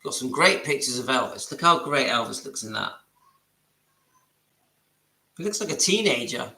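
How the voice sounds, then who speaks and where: A man's voice: medium pitch, sing-song, moderate pace, creaky, pushed and bright, roomy sound. A man hosting his channel, chatting enthusiastically to viewers as he comments on clips. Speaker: channel host. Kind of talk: casual commentary over played clips.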